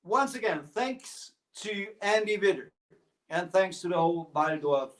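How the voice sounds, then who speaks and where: A man's voice: high-pitched, lively intonation, a little slow. A man fronting a rockabilly livestream from home, bantering loosely between songs with plenty of laughs and filler words. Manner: loose, jokey and chatty, with frequent laughs and fillers. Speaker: rockabilly singer and guitarist performing a livestream show. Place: at home, streaming a virtual concert.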